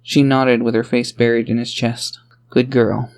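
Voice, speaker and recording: A man's voice: mid-range voice, flat delivery, normal speed, clear, resonant tone. A man reading a fantasy audiobook aloud in a plain storytelling voice. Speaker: audiobook narrator. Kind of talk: audiobook narration.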